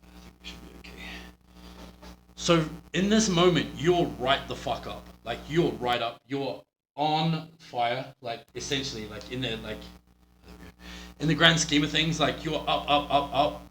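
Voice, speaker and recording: A man's voice: mid-range voice, a little slow, a bit bright. Profane, blunt New Zealand man. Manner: blunt, profane, rambling with many fillers. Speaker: wrestling coach reviewing a match. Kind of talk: casual match review. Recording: roomy with faint hum.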